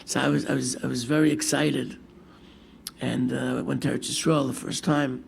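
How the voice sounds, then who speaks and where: Older rabbi with a gravelly voice. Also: male voice, medium pitch, normal speed, slight background noise. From United States. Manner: storytelling with lively quoted asides, mixing Hebrew and Yiddish terms. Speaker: rabbi giving a Torah class. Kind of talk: sermon.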